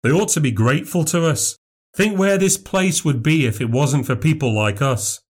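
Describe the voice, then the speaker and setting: A man's voice: fairly high pitch, slightly rough, voice pushed up. A man voicing a smug, defensive young father, speaking indignantly. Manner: indignant, slow and insistent.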